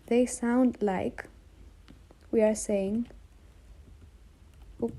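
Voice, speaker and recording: A woman teaching a language lesson, patiently repeating sounds slowly and checking that viewers follow. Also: mid-range voice, fairly even intonation, gravelly, mellow, low-quality recording. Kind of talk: slow explanatory lesson.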